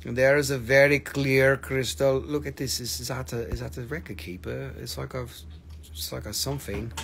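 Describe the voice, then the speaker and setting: A man's voice: medium pitch, fairly even intonation, moderate pace, creaky, fairly bright tone, slight background noise. A man hosting a live crystal sale, chatting casually with viewers in a joking, teasing way and swearing freely. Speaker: host selling crystals on a livestream. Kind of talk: casual live sales chat.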